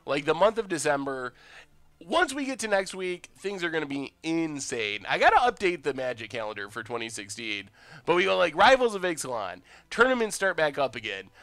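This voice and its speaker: Excitable young man streaming a card game. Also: a little high, smooth, no room sound. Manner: excitable, chatty, reads chat aloud. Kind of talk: casual game stream commentary.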